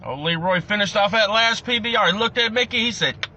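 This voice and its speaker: A man's voice: high-pitched, sharp tone, dull audio. A man telling a long, crude joke in a casual storytelling way. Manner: profane, drawn-out storytelling. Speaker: joke teller.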